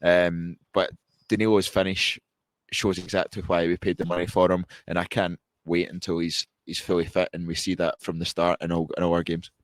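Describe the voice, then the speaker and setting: A man with a very deep, level voice talks through a football match in a measured, analytical way, often restarting his sentences. His delivery stays flat and even, and the recording is dry and close. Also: no room sound. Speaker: podcast co-host. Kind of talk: post-match football reaction chat.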